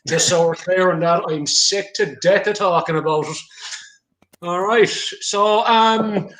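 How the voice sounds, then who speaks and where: Irish guy from clare hosting a live stream, fairly high voice, chatty, swears a bit, reads out comments. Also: measured pace, a bit bright. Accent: Irish, County Clare. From Ireland. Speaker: livestream host. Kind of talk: casual livestream chat.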